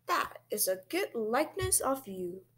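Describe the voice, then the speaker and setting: A woman doing a loud school principal. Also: fairly high pitch, sing-song, unhurried, husky, full character voice. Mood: pleased. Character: adult male school principal on the loudspeaker.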